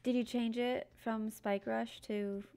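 A woman streaming a game, chatting casually and reacting quickly with her teammates. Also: on the high side, little pitch movement, warm tone, clean tone. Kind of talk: casual gaming chat with teammates.

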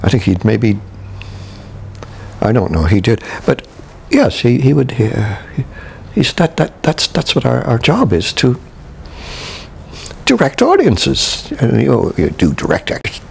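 An older man from Canada, a veteran stage actor, recalling his career in an interview with halting restarts and chuckles. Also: mid-range voice, very animated, creaky, a little hiss or hum. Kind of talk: reminiscing interview.

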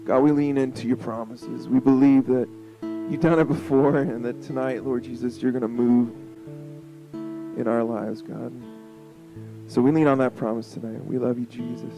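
A man leading worship in a church, praying fervently and quickly. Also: mid-range voice, fairly even intonation, vocal fry, low-quality recording. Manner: fervent, fast prayer. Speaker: worship leader. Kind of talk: closing prayer over music. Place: church sanctuary. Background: guitar music.

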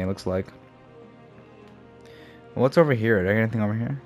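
Lively low-voiced man playing a strategy game. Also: moderate pace, pauses often. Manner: casual, swearing, thinking aloud. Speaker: gamer. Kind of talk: let's play commentary. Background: faint game music.

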